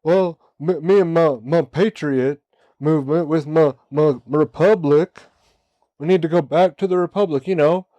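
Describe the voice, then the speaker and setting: A smug Southern gentleman of a truther sneers through every word, as a man puts him on. The voice sits high and thin over a dry, close sound. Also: normal speed, no echo, dull audio, close to an everyday voice. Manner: smug, dismissive, mocking tone. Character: know-it-all male truther, Southern gentleman.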